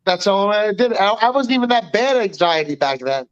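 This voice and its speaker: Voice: mid-range voice, sing-song, normal speed, smooth, lo-fi sound. A podcast co-host in casual chat, emphatic and swearing often. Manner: profane, emphatic.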